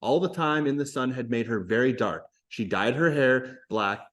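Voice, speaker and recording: A man's voice: mid-range voice, normal speed, fairly bright tone, natural voice. A man reading aloud as a confident local woman, telling a tall tale in a matter-of-fact, teasing way.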